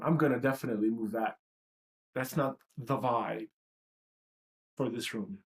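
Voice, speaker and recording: A man's voice: medium pitch, fairly even intonation, unhurried. Blunt, profane man musing on a livestream. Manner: blunt, profane and self-reflective. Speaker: livestream host. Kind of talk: candid livestream monologue.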